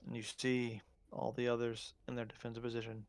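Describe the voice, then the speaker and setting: A man's voice: mid-range voice, completely flat delivery, brisk, crowd noise. A man narrating as game master of a tabletop role-playing game.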